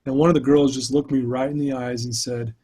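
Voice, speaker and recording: A man speaking a little fast in a mid-range voice that is level, mellow and husky tells personal stories in an interview. As a speaker and mentor, he describes his struggles earnestly and candidly.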